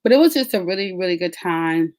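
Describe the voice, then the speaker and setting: A woman's voice: lowish voice, animated, quick pace, a little mellow. A woman, a podcast host telling a story in casual, chatty talk straight to her listeners. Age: 30s. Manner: chatty, addresses listeners as y'all.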